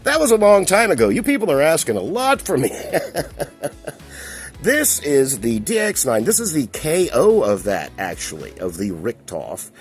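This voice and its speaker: A man's voice: medium pitch, wildly swooping pitch, moderate pace, faint music behind. A man casually reviewing a collectible toy, chatty and rambling, with a chuckle now and then. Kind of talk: casual toy review while handling a figure.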